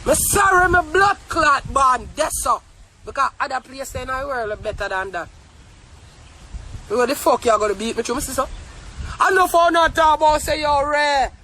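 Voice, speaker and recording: A young woman with a strong Jamaican accent delivers a heated, profane rant to camera, often raising her voice to a shout. Her voice sits very high and cuts through bright and sharp. She is recorded inside a car. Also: normal speed, a little hiss or hum, rough recording. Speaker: vlogger. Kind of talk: ranting monologue to camera.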